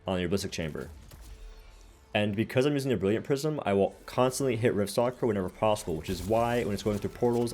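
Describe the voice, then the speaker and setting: A man's voice: lowish voice, darkish tone. A man who hosts a gaming channel, casually explaining his game builds step by step in a voice-over.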